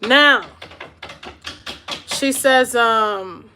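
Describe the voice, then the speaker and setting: Her voice sits on the high side, fairly bright and at a normal pace, with slight background noise behind it. The woman, in her thirties and hosting a podcast, chats through a story to camera, regularly asking her audience "all right?" and "right?".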